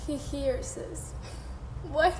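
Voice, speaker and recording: A young woman with a high voice chats slowly and casually on a phone live stream, answering fan comments with frequent laughs and casual swearing. The sound is roomy and echoey, with faint background noise. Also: steady tone. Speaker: livestreamer reading fan comments.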